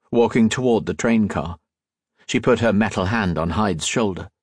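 A man narrating an adventure novel aloud in a measured storytelling manner. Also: on the low side, husky, no room sound, studio quality. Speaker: audiobook narrator. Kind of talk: scripted narration.

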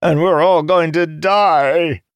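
A shrill panicking young mage. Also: male voice, very animated, moderate pace, no room sound. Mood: despairing. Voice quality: shrill, screaming.

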